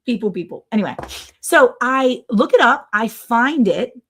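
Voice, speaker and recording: A middle-aged woman from Maryland hosting a livestream, telling a long, animated story and acting out other people's voices. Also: fairly high pitch, moderate pace, a little hiss or hum. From Maryland, USA. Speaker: livestream host. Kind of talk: casual storytelling chat.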